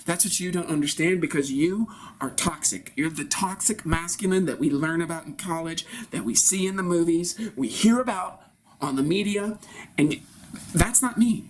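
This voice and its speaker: A man's voice: fairly high pitch, moderate pace. A man improvising an earnest, sensitive man who talks defensively and halts now and then. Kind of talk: improvised comedy scene.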